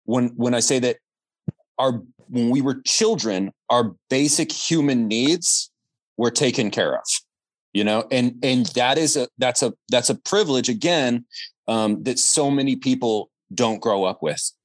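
A man's voice: medium pitch, a little slow, dry recording. A man in his thirties, a guest on a casual family podcast, telling stories with lots of restarts and getting worked up. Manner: storytelling with many restarts and fillers, gets worked up. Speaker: guest, the host's brother.

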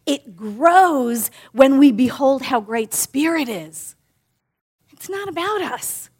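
A woman giving a sermon in a warm, conversational way, often asking "right?" and slowly repeating key lines for emphasis. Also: high-pitched, animated. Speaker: minister.

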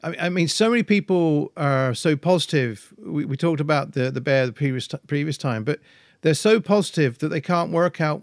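Slightly high-pitched and fairly quick, this co-host's voice comes through at studio quality without echo. He's thoughtful yet hesitant in the relaxed podcast conversation, often restarting and using fillers.

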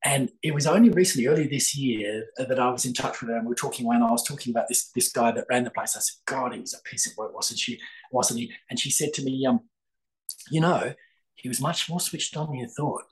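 A man's voice: mid-range voice, a little fast, low-quality recording. An older man, a guest telling a long story with many fillers and restarts in a podcast interview. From Australia. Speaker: guest, psychic author.

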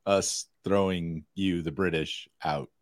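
A man's voice: deep voice, fairly even intonation, slow, no echo, studio quality. An American man co-hosting a podcast, easygoing and teasing in casual chat. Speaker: podcast co-host.

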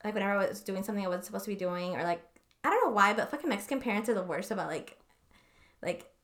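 A woman's voice: medium pitch, animated, very fast, fairly bright tone. Rambling foul-mouthed young woman. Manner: rambling, profane, often searching for words. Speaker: podcast co-host. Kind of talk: casual chat.

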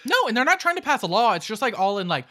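A man co-hosting a podcast, recapping a movie in casual chat, sarcastic and often mock-quoting in a flat undertone. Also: high voice, fast. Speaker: podcast co-host.

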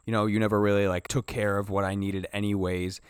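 A man's voice: lowish voice, fast, clean tone, no echo, clean studio sound. A young man co-hosting a podcast, casually retelling a film's scenes and acting out the characters' lines, with lots of "like". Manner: animated retelling, acting out scenes in quoted voices, frequent "like". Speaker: podcast co-host. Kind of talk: casual film discussion.

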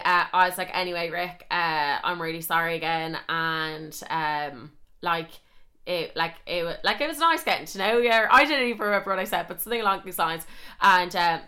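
A woman's voice: on the low side, fairly quick, sharp tone. A young woman podcast host telling a story in a chatty, self-mocking way and swearing a lot. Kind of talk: casual storytelling monologue.

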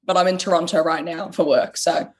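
An actress with an Australian accent, chatting casually as an interview guest and laughing between phrases. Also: female voice, on the low side, steady tone, brisk.

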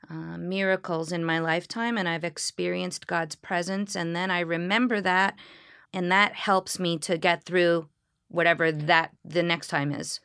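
A woman, a Reformed Jewish clergy member, speaking in a reflective interview with a smile in her voice and earnest, halting storytelling. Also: fairly low pitch, fairly even intonation, a bit bright, clear, resonant tone, no room sound, clean studio sound. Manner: smiling, earnest storytelling with frequent pauses and restarts. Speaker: Reformed Jewish clergy leading healing services.

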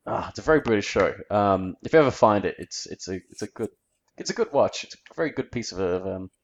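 A man's voice: lowish voice, lively intonation, fast, lo-fi sound. An Australian man chatting casually as a podcast co-host, rambling easily and searching for his words. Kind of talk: casual chat.

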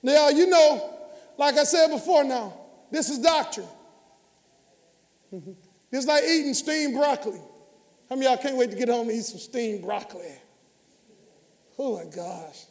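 High-voiced preaching man in his fifties. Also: lively intonation, normal speed, pauses often. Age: 50s. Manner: preaching, often shouting, calling out to the audience. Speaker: pastor. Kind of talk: lively sermon with jokes to the congregation. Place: large church hall. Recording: church hall with long reverb.

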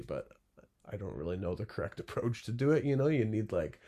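A man's voice: on the low side, big pitch swings, a little fast, mellow. A young man talking casually as a guest in an interview, rambling with lots of fillers and tag questions. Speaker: glassblower guest.

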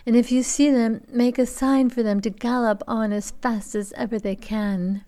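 A woman's voice: steady tone, moderate pace, natural voice. A woman voicing a frightened young wife who pleads urgently for her life, in a raised, strained voice. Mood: pleading. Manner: high, loud, urgent pleading.

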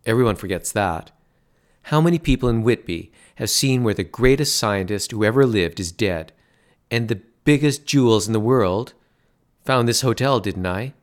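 A man's voice: fairly low pitch, animated, normal speed, close to an everyday voice. A man voicing an eager, self-satisfied father who is an extravagant salesman. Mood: proud.

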